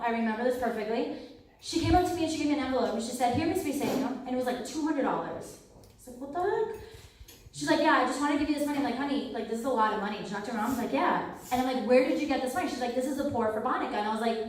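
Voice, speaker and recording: Animated woman in a very echoey hall. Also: sits high, slight background noise. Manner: animated, acts out quoted people, laughs often. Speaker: speaker at a campus ministry talk. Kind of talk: lively storytelling talk. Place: hall at a university ministry center. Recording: very echoey hall, mic far off.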